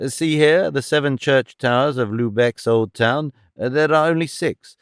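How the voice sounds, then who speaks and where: A man voicing a sharp, brisk detective who lays out his deductions in a crisp, decisive way. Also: medium pitch, no echo, clean studio sound, lightly acted.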